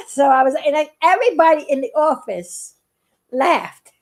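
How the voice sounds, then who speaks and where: A woman's voice: high-pitched, lively intonation, normal speed, a little mellow. A middle-aged woman chatting to her viewers in a rambling personal story, giggling often and restarting her sentences. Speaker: vlogger.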